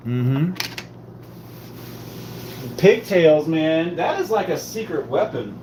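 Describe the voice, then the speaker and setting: A man's voice: fairly high pitch, animated, slow pace, mellow, slight background noise. A man hosting a live stream, chatting casually with viewers in a playful, teasing, rambling way.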